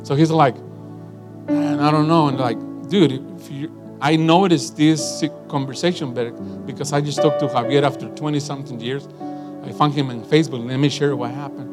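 Animated preacher man over church music. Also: medium pitch, brisk. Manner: animated and emphatic, telling stories to the congregation. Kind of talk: sermon. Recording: guitar and piano music underneath.

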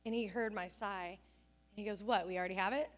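A woman's voice: medium pitch, fairly even intonation, brisk. A woman pastor preaching a conversational sermon, telling stories with self-deprecating humor.

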